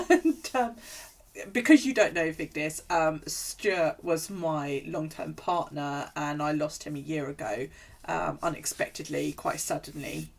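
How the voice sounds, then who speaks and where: A woman's voice: deep voice, unhurried, vocal fry. A woman chatting casually on a live stream, rambling through stories and swearing freely. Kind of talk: casual chat while journaling on stream.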